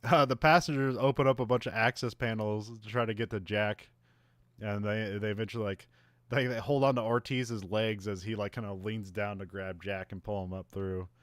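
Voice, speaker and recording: A man's voice: fairly low pitch, steady tone, normal speed, no room sound. Laughing, rambling man recapping a movie. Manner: laughs often, rambling with many fillers. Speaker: podcast co-host. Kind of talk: casual movie recap chat.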